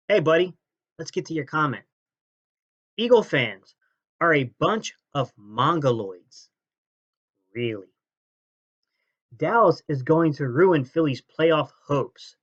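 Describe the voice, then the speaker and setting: A man hosting a sports fan channel, ranting and mocking rival fans' comments, jumping between loud jabs and low sneers. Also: expressive, takes it slowly, long pauses, slightly rough, lo-fi sound. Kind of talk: fan reaction rant.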